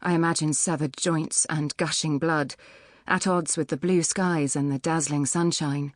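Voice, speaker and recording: A woman narrating a novel in the first person with a measured, even storytelling delivery. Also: low voice, no room sound, studio quality. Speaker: audiobook narrator. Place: recording studio.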